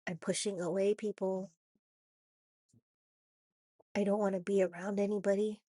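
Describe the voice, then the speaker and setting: A woman with a raspy voice from a cold, talking haltingly in a personal confessional vlog with many restarts and "you know"s. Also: medium pitch, level tone, mellow, no room sound, studio quality. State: hoarse from a cold. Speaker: vlogger.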